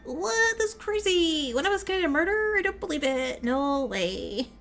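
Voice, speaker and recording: A woman's voice: very high-pitched, big pitch swings, normal speed, over music, pitched above the performer's own voice. A woman voicing a stubborn young woman protagonist who is wounded, speaking tersely and guardedly.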